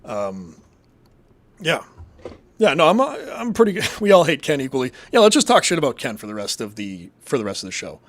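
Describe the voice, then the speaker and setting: A man's voice: on the high side, huge pitch swings, brisk, a bit bright. A man from Massachusetts hosting a casual live show, reading chat and rambling in a crude, profane, jokey way.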